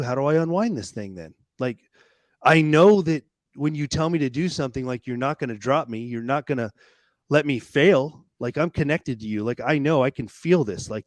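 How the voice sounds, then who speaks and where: A man telling a personal story as a podcast guest, animated and casual, swearing freely and repeating words as he hurries on. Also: medium pitch, no room sound.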